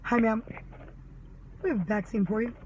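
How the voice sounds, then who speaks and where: A woman voicing a curt male soldier who barks brusque, rushed orders. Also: on the high side, steady tone, darkish tone, slight background noise, lightly acted, poor audio.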